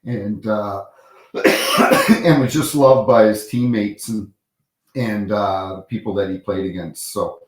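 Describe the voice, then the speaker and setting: A man's voice: fairly low pitch, takes it slowly, pauses often, roomy sound, low-quality recording. A man, a former referee, telling rambling anecdotes with many restarts and acted-out quotes in a casual interview.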